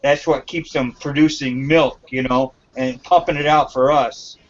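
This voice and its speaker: A man's voice: mid-range voice, steady tone, normal speed, highs cut off. A man speaking in an earnest, confessional way in a casual group chat. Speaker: panelist.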